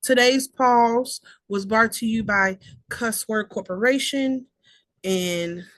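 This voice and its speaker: A woman's voice: a little high, takes it slowly, fairly bright tone, dry recording. A young woman with hosting a self-care podcast, speaking in an affirming, repetitive way with playful asides. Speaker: podcast host. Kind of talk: reflective self-care talk.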